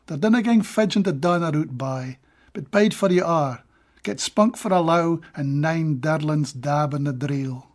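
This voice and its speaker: A Scottish man giving a measured, deliberate poetry reading of his own translations, with brief plain-spoken asides between poems. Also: a little high.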